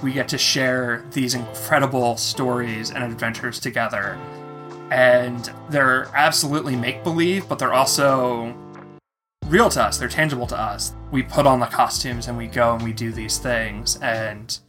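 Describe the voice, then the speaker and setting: Bright-voiced man telling a story. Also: medium pitch. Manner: animated, acts out quoted voices. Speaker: interviewee. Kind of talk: personal storytelling.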